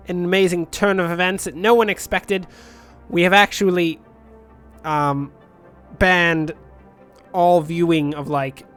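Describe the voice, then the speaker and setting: A man's voice: sits high, a bit bright, clean tone. A man commentating a city-building game in a rambling, jokey storytelling manner. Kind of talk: let's play commentary.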